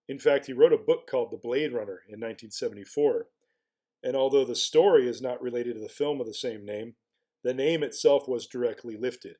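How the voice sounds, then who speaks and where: A man's voice: mid-range voice, a little mellow. A man talking through his ideas in casual spoken commentary as a blogger. He muses aloud, asks rhetorical questions and often restarts his phrases.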